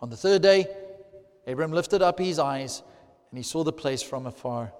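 Animated preacher man in echoing hall. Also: on the high side, normal speed. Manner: animated, swells loudly for emphasis. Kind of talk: sermon teaching. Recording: long hall reverb.

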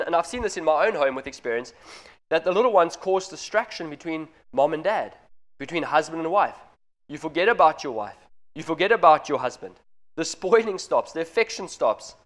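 Earnest man preaching, slightly high voice. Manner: earnest, direct address to parents. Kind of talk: sermon.

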